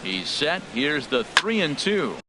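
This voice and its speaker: A man doing play-by-play commentary for a baseball game, with a brisk, measured call that rises on big plays. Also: fairly high pitch, very animated. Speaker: play-by-play announcer. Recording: broadcast over loud crowd and stadium noise.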